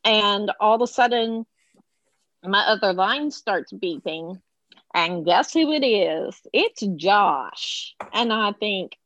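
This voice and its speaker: A woman's voice: medium pitch, a little slow, a bit bright, no echo, dull audio. A middle-aged woman telling a personal story as a podcast guest, acting out the voices of the people she quotes.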